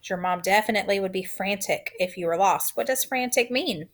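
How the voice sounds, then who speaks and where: A woman teacher giving a recorded phonics lesson to young children, sounding out letters slowly, clearly and patiently. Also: medium pitch.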